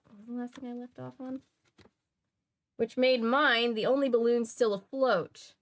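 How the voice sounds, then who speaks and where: Here the streamer host sounds fairly high-pitched, keeping a steady tone at a normal pace. Reading comics aloud in casual chat, she frequently breaks off mid-sentence and starts again.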